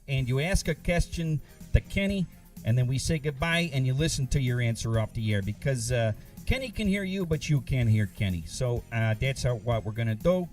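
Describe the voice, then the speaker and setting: A man hosting a live comedy call-in show, rambling and halting with lots of fillers. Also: medium pitch, lively intonation, darkish tone, recorded from a distance, faint music behind. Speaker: host.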